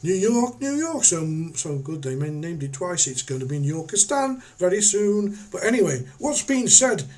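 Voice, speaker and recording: A man's voice: a little high, moderate pace, few pauses, a little mellow. An older man giving rambling, sarcastic commentary on his vlog. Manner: rambling, sarcastic, restarts often. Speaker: vlogger.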